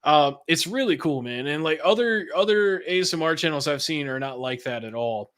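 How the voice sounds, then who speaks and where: A man's voice: on the high side, lively intonation, normal speed, fairly bright tone, smooth. A man who is a podcast guest, talking in a laid-back, chatty way with casual swearing. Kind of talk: casual interview chat.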